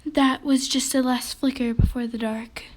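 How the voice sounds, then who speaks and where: A woman's voice: high voice, fairly even intonation, moderate pace. A woman voicing a sick, grumpy male bear who talks melodramatically about his cold. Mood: melodramatic. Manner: melodramatic, grumbling, self-pitying.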